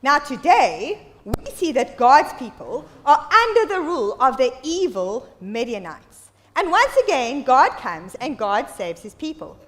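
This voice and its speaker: A woman giving an animated children's Bible talk in a church, leading the children in call-and-response storytelling. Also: high voice, a little slow. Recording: echoey church hall.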